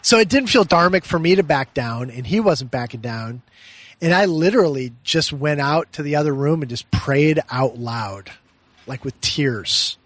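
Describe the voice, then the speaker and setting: A middle-aged man, a meditation teacher, telling a personal story in an earnest, reflective way and often laughing softly mid-sentence. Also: fairly high pitch, lively intonation, moderate pace, dry recording. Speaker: meditation teacher and podcast guest. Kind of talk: heartfelt personal storytelling in conversation.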